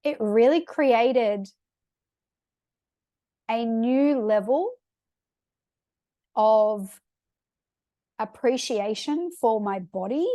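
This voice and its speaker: Young female podcast host, higher voice, dry close mic, chatty confessional storytelling. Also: lively intonation, very slow, long pauses, warm tone, dry recording. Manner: chatty, frequent "like" fillers, emotional. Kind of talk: personal storytelling, casual.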